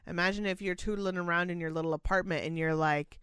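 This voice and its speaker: A woman's voice: on the low side, steady tone, fast, few pauses, fairly bright tone, clear, resonant tone, no echo. A young woman who works in a care home, chatting casually in a blunt, sarcastic way and swearing freely. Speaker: care home worker, podcast co-host. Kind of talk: casual chat.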